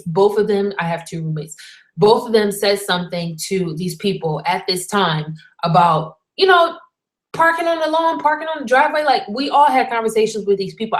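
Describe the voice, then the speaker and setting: A woman's voice: medium pitch, reverberant. A young woman venting in a blunt, exasperated rant to her camera, swearing freely as she tells her story. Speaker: vlogger.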